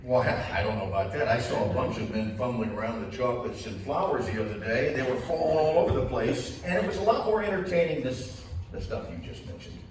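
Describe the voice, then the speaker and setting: A man's voice: medium pitch, animated, fast talker, few pauses. A man co-hosting a parody sports show, cracking jokes with lots of fillers. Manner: wisecracking, hesitant with many fillers. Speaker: co-host. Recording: echoey room from far off, noisy.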